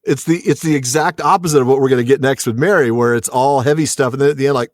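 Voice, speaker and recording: A man's voice: mid-range voice, fast, no echo. Enthusiastic podcast guy talking about a book, jokes and laughs a lot, dead dry mic. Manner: enthusiastic, jokey, laughs often. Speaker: podcast co-host. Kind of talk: casual book discussion.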